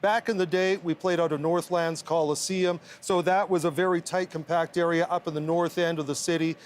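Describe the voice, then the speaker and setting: A man who is a veteran sports reporter, talking in a relaxed, reminiscing way during a live outdoor news chat. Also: a little high, brisk, slight background noise. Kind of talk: conversational live news interview. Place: outdoor city plaza.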